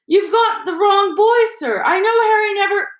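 Lady putting on a big rough gamekeeper guy, urgent ranting, echoey room. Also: high voice, very animated, measured pace, fairly bright tone, voice pushed up, exaggerated voice. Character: big rough gamekeeper man, agitated and loyal.

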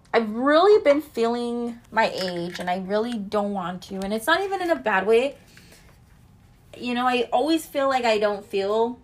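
A slight hiss or hum runs under a woman's a-little-high voice. She is a vlogger in her mid-thirties chatting casually to camera at home, kitchen sounds audible, ranting and swearing freely.

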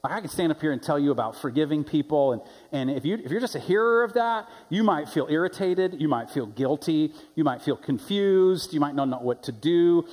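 A man's voice: fairly high pitch, lively intonation, fairly quick, hardly any pauses, darkish tone. A man preaching a sermon as pastor, telling stories conversationally and then building to emphatic points. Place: church sanctuary. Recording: long church-hall reverb.

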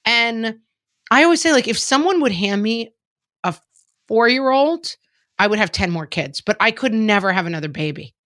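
A woman's voice: fairly high pitch, animated, moderate pace, fairly bright tone, no echo, clean studio sound. A woman in her forties chatting casually on a podcast, laughing often and filling her talk with "like". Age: 40s. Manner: chatty, laughing, frequent "like" fillers. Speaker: podcast co-host. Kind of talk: casual chat.

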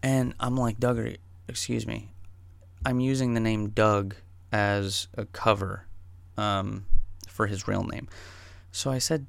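A man's voice: lowish voice, a little slow, creaky, long pauses, dry recording. Profane young man telling a wild story. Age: young adult. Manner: profane, animated, swings between loud rants and hushed retelling. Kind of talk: comedic storytelling.

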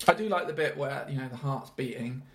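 A woman's voice: extremely low pitch, brisk. A woman co-hosting a casual film chat, wry and teasing, swearing and laughing as she talks. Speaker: podcast co-host.

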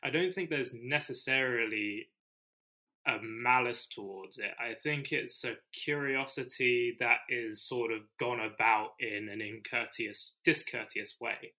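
A man, co-hosting a casual podcast discussion, explaining his views in a measured, careful way. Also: mid-range voice, pushed and bright, rough recording. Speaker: teacher podcast co-host.

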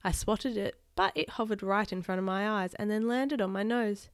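A woman reading a children's chapter book aloud to a child as a teacher, animated and doing sound effects. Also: medium pitch, moderate pace, clean tone, no echo, clean studio sound.

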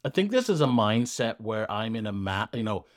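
A man's voice: lowish voice, big pitch swings, normal speed, no echo. Joking male podcast co-host, dry mic. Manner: joking, loose, swears freely. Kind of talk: casual chat.

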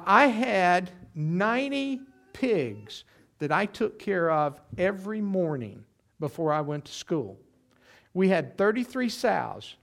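Middle-aged guy preaching, folksy and animated, voice a bit high, keeps asking "okay?". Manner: folksy, animated storytelling with frequent "okay?" asides. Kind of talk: sermon with personal stories.

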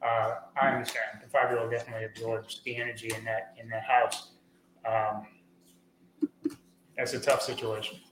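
A man's voice: medium pitch, moderate pace, long pauses. Man, podcast guest, earnest, filler-heavy, echoey room, light background noise. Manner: earnest, rambling with many fillers, animated when telling stories. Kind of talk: conversational interview.

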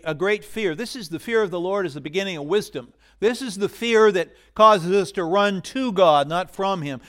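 Male pastor, sermon, conversational, swinging from forceful emphasis to hushed asides, slightly high voice. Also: clear, resonant tone. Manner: conversational, swings from loud emphasis to near-whisper.

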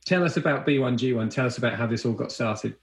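A man hosts the interview with a gravelly, creaky voice. He rambles through his thoughts, packing in filler phrases before handing over to his guest. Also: mid-range voice, fast talker, rough recording. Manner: rambling, many fillers like "you know". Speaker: podcast host. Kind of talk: conversational interview.

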